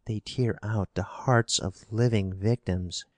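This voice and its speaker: A man's voice: fairly low pitch, fairly even intonation, takes it slowly, a little mellow, no room sound. A man reading a frightened young woman. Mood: fearful. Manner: anxious and pleading.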